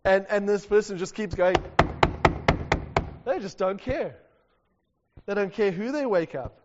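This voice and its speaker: A man preaching a sermon and telling a story, animated and often laughing. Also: sits high, measured pace, very noisy. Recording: dull sound with long hall reverb.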